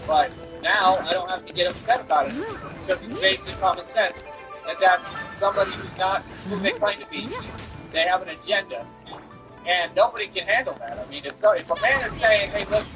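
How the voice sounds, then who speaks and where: A man's voice: sits high, lively intonation, normal speed, over music, rough recording. A man streaming while he delivers a confrontational, boastful rant at an online critic.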